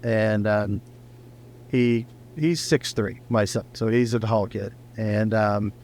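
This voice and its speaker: A man's voice: fairly low pitch, fairly even intonation, slow pace, a little mellow, a little hiss or hum. A middle-aged man, a company founder, casually telling a long rambling personal story in an interview, now and then swearing.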